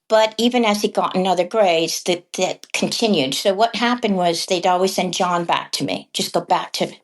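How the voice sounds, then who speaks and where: A middle-aged woman, a kindergarten teacher and podcast guest, telling classroom stories in a lively conversational way. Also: medium pitch. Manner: animated, acts out quoted voices and laughs often. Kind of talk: conversational storytelling.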